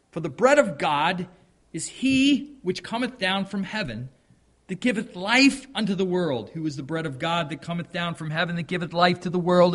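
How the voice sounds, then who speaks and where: Preaching in a voice on the high side, a man alternates between forceful, emphatic proclamation and quieter comments. He reads passages of scripture and sprinkles in homey, chatty asides.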